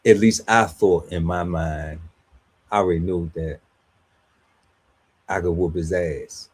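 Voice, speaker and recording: A man's voice: deep voice, fairly even intonation, slow pace, slightly rough. A man on a podcast panel telling a story in casual, slangy chat, laughing often and acting out quotes.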